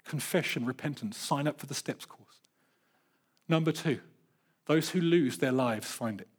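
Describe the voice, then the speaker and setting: A man's voice: mid-range voice, a little slow, slightly rough. A middle-aged man preaching a sermon, earnest and building emphasis, with playful storytelling. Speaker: pastor.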